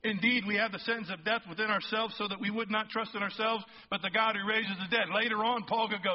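Male pastor, sermon, high voice, emphatic, keeps asking the congregation questions, slightly muffled recording. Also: fairly even intonation, brisk, few pauses. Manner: emphatic, rising to near-shouts on key points; asks the congregation frequent check-in questions.

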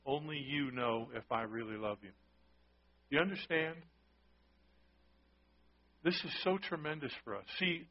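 A man's voice: medium pitch, breathy edge, dull audio. A man preaching a sermon, talking conversationally and often asking the congregation questions. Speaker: pastor.

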